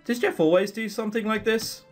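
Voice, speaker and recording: A man's voice: high voice, fairly even intonation, brisk, faint music behind, pitched above the performer's own voice, natural voice. A young man voicing a cheerful, playful young woman shop assistant in a bubbly, teasing voice. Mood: puzzled. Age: 20s.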